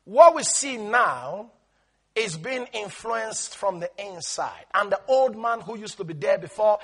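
Brief: emphatic male preacher, very high and bright, lively call-and-response delivery. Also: measured pace, husky. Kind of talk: sermon.

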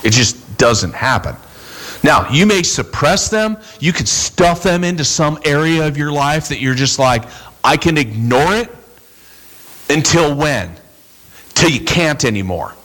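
A man preaching a sermon as a pastor, casual and animated, acting out the people in his stories. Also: a little high, unhurried. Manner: animated, acts out quoted voices, bursts into shouts.

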